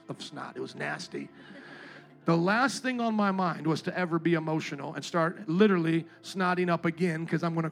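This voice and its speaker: High-voiced impassioned male preacher. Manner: impassioned, swings from quiet storytelling to loud exhortation. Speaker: pastor. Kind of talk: sermon.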